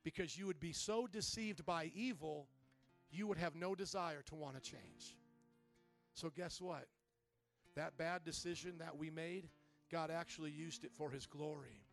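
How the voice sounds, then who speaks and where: A male pastor preaching a sermon, building from quiet, measured talk to loud, impassioned calls. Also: a little high, faint music behind.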